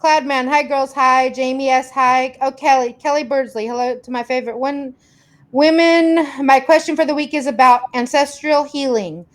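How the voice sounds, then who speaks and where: A woman's voice: high-pitched, normal speed. A woman hosting a casual live stream, chattily greeting viewers by name and reading their questions. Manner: warm greetings, chatty, rambling. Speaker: host reading viewer comments.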